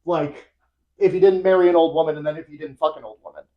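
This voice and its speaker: A young-adult podcast host casually retelling a story, animated and rambling, laughing often. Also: mid-range voice, quick pace, highs cut off.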